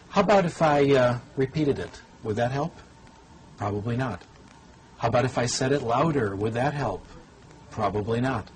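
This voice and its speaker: A man's voice: mid-range voice, poor audio. Older guy lecturing on language learning, easygoing and wry, faint room hiss. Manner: conversational, wry, demonstrative teacher. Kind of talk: lecture demonstration to a TV audience.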